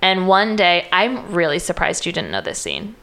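Young woman, casual chat, slightly low voice, chatty, lots of "like", retelling a story. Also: wildly swooping pitch, normal speed, fairly bright tone. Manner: chatty, heavy use of "like", breaks into quoted voices.

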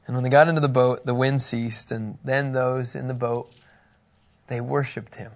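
A man teaching a casual Bible lesson in an animated way, often laughing. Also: mid-range voice, moderate pace. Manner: animated, laughing, acting out scripture quotes.

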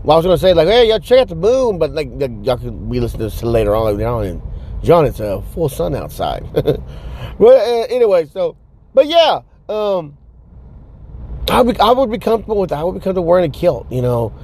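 A man's voice: on the high side, very animated, brisk, mellow. A man rambling casually to the camera outdoors at night, full of restarts, fillers and swearing. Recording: faint outdoor traffic noise.

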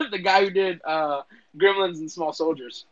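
A man co-hosting a casual podcast, giggly and apologetic, laughing at himself as he talks. His voice is bright and slightly high for a man. The sound is dry and a little dull. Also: a little slow, dry recording. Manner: apologetic, giggly, self-deprecating. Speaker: podcast co-host. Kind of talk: casual chat.

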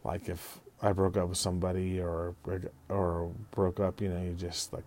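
A man hosting his own podcast, rambling and halting as he talks, swearing freely, with dry self-deprecating humor. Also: low-pitched, flat delivery, mellow, slight background noise. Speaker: podcast host. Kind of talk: casual solo podcast monologue.

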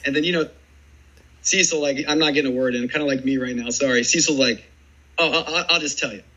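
A man in his forties, a former baseball player, telling rambling, animated stories in a casual interview. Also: mid-range voice, fast talker, highs cut off. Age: 40s. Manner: rambling, animated storytelling full of "dude" and "man".

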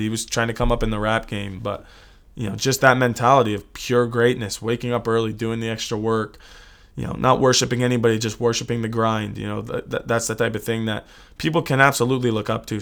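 A man's voice: medium pitch, fairly bright tone. A man from the United States co-hosting a casual sports talk show, earnest and reflective, often repeating words. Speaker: sports podcast co-host.

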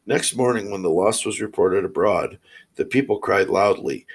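A man reading old fairy tales aloud in a steady, measured way. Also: fairly low pitch, low-quality recording. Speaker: storyteller.

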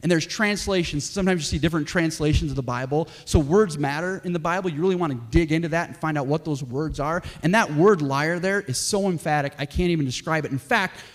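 A man preaching a sermon as pastor, emphatic, swinging from forceful lines to hushed, drawn-out ones. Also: on the high side.

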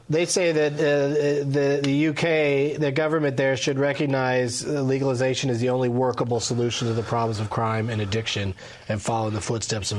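A man hosting a podcast in a casual chat, relaxed and full of fillers. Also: mid-range voice. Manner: relaxed, drawn-out filler-heavy delivery. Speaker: podcast host.

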